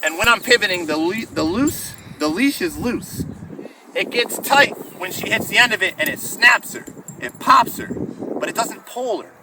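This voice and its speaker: High-voiced man, outdoor training walk. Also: normal speed. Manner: explains step by step while walking, relaxed. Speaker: dog trainer. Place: outdoors while walking a dog. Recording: distant outdoor audio with background noise.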